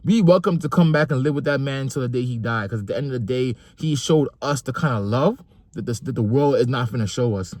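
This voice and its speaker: A man's voice: mid-range voice, fairly quick, darkish tone, no echo. A young adult man, delivering a passionate opinion monologue about fatherhood and repeating phrases for emphasis. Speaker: vlogger and father.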